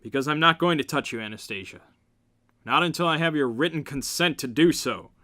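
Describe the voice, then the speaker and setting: A man reading aloud and voicing a smug, controlling rich businessman in a low, teasing, drawn-out way. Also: pushed and bright. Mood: insistent.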